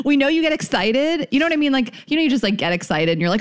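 A woman's voice: medium pitch, expressive, rapid-fire, hardly any pauses, clean tone. A young adult woman co-hosting a podcast, chatting candidly, laughing often and swearing casually. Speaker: podcast co-host. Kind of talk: casual chat.

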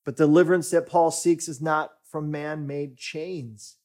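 A male pastor delivers a sermon at an unhurried, deliberate pace. His voice sits a little high for a man, and he builds to emphatic declarations before dropping to soft near-whispers. The whole delivery stays earnest and measured. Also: little pitch movement. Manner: slow, deliberate preaching that swells for emphasis and drops to near-whispers.

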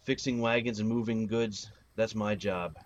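A man voicing a grieving, earnest woman who works for a merchant, speaking with steady, heartfelt pleading in a tabletop game. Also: lowish voice, moderate pace, highs cut off, close to an everyday voice.

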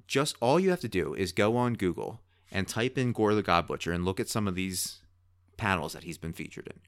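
A man co-hosting a podcast in casual chat, talking in an excitable, rambling way. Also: low voice, a little fast, dry recording, clean studio sound. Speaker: podcast co-host.

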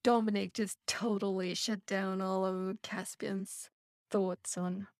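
An American woman hosting a podcast, chatting in an unhurried, friendly way on a remote call with headphones. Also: medium pitch, level tone, no echo, clean studio sound. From United States. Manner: unhurried, friendly, laughs easily. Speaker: podcast host. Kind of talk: casual chat wrapping up a remote conversation.

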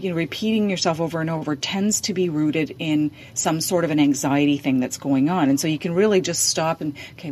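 Lowish woman's voice, chatty advice, lots of ums and restarts. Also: a little mellow. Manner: hesitant, many fillers and restarts. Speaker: dementia care advisor. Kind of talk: advice in a podcast conversation.

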